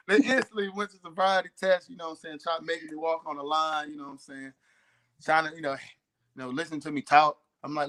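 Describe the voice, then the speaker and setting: A young man with a Southern accent telling a story in casual chat, talking fast with a slurred drawl and lots of fillers. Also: on the high side, sharp tone. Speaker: podcast co-host.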